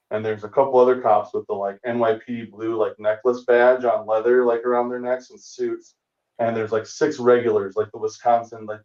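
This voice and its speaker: Man in his forties telling a story. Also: medium pitch. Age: 40s. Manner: animated, acts out other people's lines. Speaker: comedian guest. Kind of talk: storytelling anecdote in casual chat. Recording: roomy, distant, dull remote call audio.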